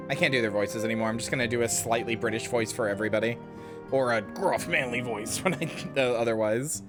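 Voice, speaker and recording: A woman streamer chatting casually while she plays, relaxed and chatty and swearing now and then. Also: very deep voice, fast talker, music in the background. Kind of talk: casual gameplay chat.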